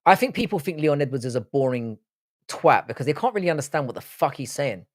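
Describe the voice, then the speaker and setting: A British man with a London accent hosts a livestream, trading loose, sweary banter with viewers and repeating words to show how he pronounces them. His voice is a little high, animated and quick, in a dry, studio-quality recording.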